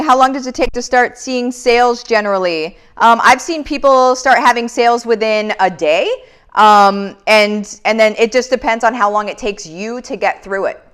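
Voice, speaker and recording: A woman's voice: fairly high pitch, a bit bright, clean tone. A woman in her thirties hosting a casual live Q&A, reading out viewer comments in an upbeat, motivational way. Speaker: live Q&A host.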